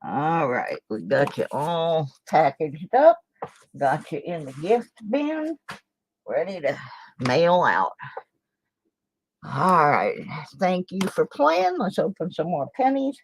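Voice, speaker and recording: Older woman, casual coin-sorting stream host; slow, chatty, mutters to herself. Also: low voice, big pitch swings, slight background noise, poor audio. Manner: chatty, self-deprecating, muttering asides. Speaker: channel host, coin roll hunter. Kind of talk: casual livestream chat while sorting coins. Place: home desk in a small town.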